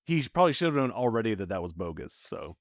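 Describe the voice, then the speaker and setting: A podcast co-host in casual chat, wryly picking apart an episode and pitching better excuses. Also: sing-song, fast, no room sound, clean studio sound. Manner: wry, quips alternative excuses.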